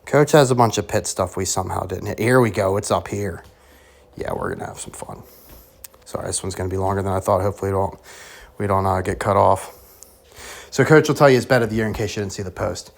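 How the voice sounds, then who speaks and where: A man hosting a sports predictions show, rambling through conspiratorial theories in a profane, sarcastic, excitable way. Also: sits low, quick pace, gravelly. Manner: profane, sarcastic, excitable, talks about himself as Coach.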